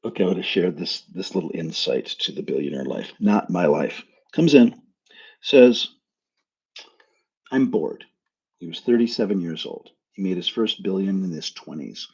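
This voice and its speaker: Gravelly low-voiced man, frank coach. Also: lively intonation, normal speed, a little mellow. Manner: frank, blunt, swears casually. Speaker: spiritual coach hosting a live stream. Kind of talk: casual live-stream talk with anecdotes. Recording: dull lo-fi sound.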